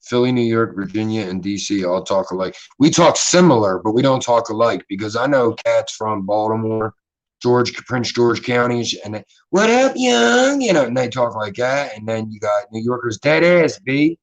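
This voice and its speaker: Over a low-quality recording, a livestream host with a Philly accent talks in a lowish voice at a moderate pace, loosely rambling and cursing without restraint in a relaxed chat.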